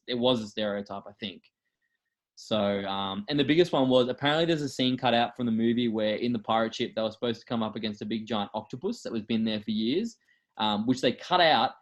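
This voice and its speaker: A man co-hosting a casual film review podcast, rambling with many fillers and restarts. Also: mid-range voice. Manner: rambling, animated, frequent fillers and self-corrections. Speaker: podcast co-host.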